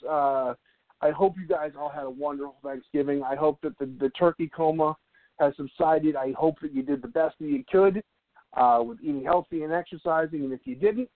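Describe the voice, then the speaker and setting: A man's voice: medium pitch, no room sound. A man hosting a live radio show in a casual, joking, rambling way, with lots of fillers and restarts. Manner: jokey, rambling, with many fillers. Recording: tinny phone-like line, dry.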